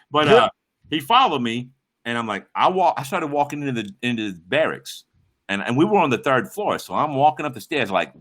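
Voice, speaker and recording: A middle-aged man rambles through a story on his livestream, swearing freely and breaking off to greet chat. His voice is bright and forward, swinging widely up and down in pitch. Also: big pitch swings, normal speed. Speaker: livestream host.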